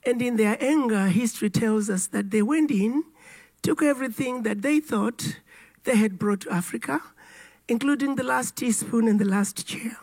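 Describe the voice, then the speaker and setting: A middle-aged woman with a raspy, hoarse voice from a cold, giving a formal public speech in a deliberate, emphatic way. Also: on the high side, a little mellow. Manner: deliberate, emphatic storytelling delivery. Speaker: keynote speaker.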